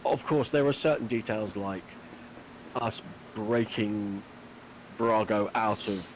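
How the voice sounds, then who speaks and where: A man's voice: fairly low pitch, fairly even intonation, takes it slowly, a little hiss or hum, poor audio. A man playing a tabletop game, talking in character in a polite, wordy, persuasive way. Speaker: player. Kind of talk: in-character tabletop role-play.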